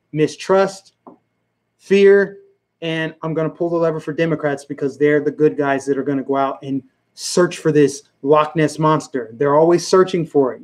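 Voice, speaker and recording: This livestream host runs a political commentary show, chatting with his viewers and the live chat while he emphatically repeats his points. His voice sits on the higher side and has a slightly mellow quality.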